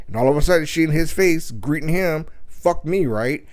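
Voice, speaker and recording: A man's voice: a little high, moderate pace. Cursing man ranting through a story. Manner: loud, cursing, animated storytelling with mimicked voices. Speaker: podcast host. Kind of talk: profane storytelling rant.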